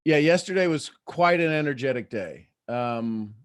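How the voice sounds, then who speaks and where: A man hosting a casual morning livestream, talking in an animated way and laughing often. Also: medium pitch, a little slow, smooth. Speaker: host.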